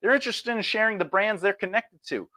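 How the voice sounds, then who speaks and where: A man with a fairly high, very bright, forceful voice teaches branding to creators in a lively lecture. He talks with plenty of energy and keeps slipping into quick acted-out voices and punchy phrases. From Sicilian family. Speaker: marketing coach. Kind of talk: lecture-style marketing advice.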